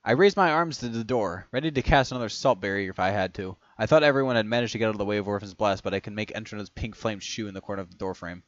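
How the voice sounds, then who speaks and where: A man reads a first-person story aloud in a lowish voice, tripping over words and correcting himself as he goes. The sound is dull and muffled, with a dry, close feel. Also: fast talker, few pauses, dry recording. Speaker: reader of a fan story.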